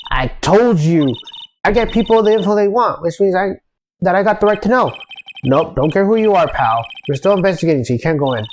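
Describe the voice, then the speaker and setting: A woman voicing a pushy female reporter with a Southern accent, loud and folksy. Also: lowish voice, animated, fairly quick, a little hiss or hum, close to an everyday voice. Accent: American Southern, as put on. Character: gossipy brash woman reporter.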